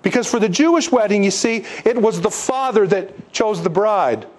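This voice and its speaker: A man preaching a sermon, emphatic and animated, posing rhetorical questions to his listeners and slipping into stories. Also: high-pitched, normal speed. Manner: animated storytelling with asides. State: congested, needing tissues. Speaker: pastor.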